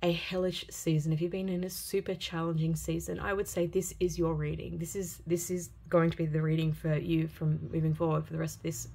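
A woman giving an intuitive tarot reading for viewers, speaking in an earnest, gentle and heartfelt way and often repeating phrases. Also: low-pitched, flat delivery, a little fast, gravelly, hardly any pauses, slightly rough. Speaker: tarot reader.

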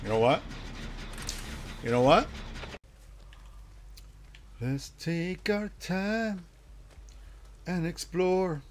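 A man's voice: high-pitched, animated, extremely slow, long pauses, a little hiss or hum. A man streaming a horror game live, chatting with viewers, swearing casually and yelping at the scares. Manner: jumpy, yelps and laughs at scares, chats with viewers.

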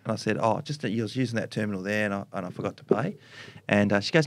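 An Australian man in his forties, a former footballer and podcast guest, telling stories in an animated way and acting out the voices. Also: fairly low pitch, fast, no echo. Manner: animated storyteller, acts out voices, laughs often. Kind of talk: casual chat, anecdote telling.

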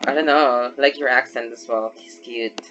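A man from the Philippines with a Filipino accent, hosting a casual video chat in a relaxed, opinionated way with many likes. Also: mid-range voice, normal speed, over loud music. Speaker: host. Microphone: video call. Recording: dull lo-fi video call audio.

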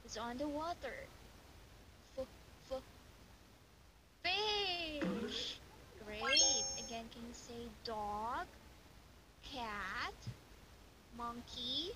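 A young woman teaching English online, giving a child a demo lesson with slow, exaggerated, sing-song praise. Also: a little high. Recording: hissy home recording.

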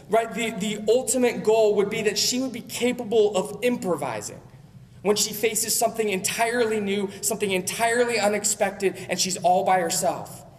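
A man's voice: high voice, a little hiss or hum. A male pastor giving a sermon in a conversational preaching manner, often checking in with his listeners. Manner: conversational preaching with frequent "right?" asides. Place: church sanctuary. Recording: long church hall reverb.

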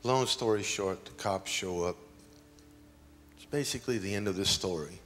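Preacher guy, middle-aged, lowish voice, telling a story slow in a big echoey church. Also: soft background music. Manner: slow, dramatic storytelling with sudden loud peaks. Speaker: pastor. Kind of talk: sermon storytelling. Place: large church sanctuary. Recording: long hall reverb.

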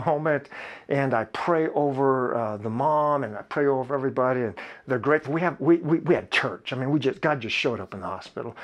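In a sermon, this middle-aged male pastor tells something personal in a confiding, candid manner. He frequently stops and begins sentences over, and his voice sits in the mid range.

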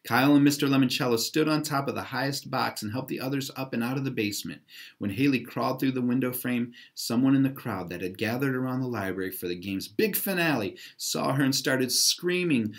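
A man's voice: medium pitch, fairly quick. A man reading a children's novel aloud, narrating plainly and adding casual asides. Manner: casual asides between passages. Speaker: audiobook reader.

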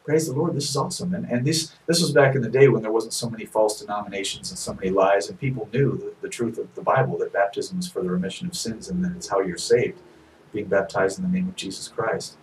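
A male minister telling a sermon story in a soft-spoken, unhurried way, with hesitant restarts. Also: fairly low pitch, recorded from a distance, a little hiss or hum, poor audio. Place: office.

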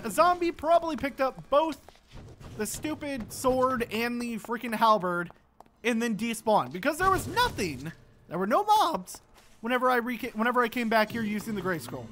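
A man's voice: very high voice, big pitch swings, unhurried, pauses often, fairly bright tone, slight background noise. A young man giving gameplay commentary, exasperated and talking to himself as he plays. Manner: exasperated, talks to himself while playing. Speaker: gaming channel host.

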